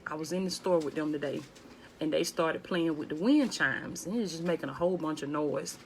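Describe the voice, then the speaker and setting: A woman with a low voice talks casually to a live-stream audience from her home. Her delivery is laid back and hushed, and she greets viewers by name as she goes. A faint noise sits under the phone recording. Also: a little fast. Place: at home, indoors.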